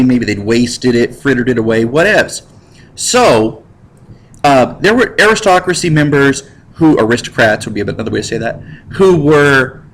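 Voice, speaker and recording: A man teaching history in a casual, slangy lecture over slides, cracking jokes and putting on quick voices for the people he describes. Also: mid-range voice, low-quality recording. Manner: slangy, jokey, animated with put-on voices. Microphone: computer mic while drawing with a mouse.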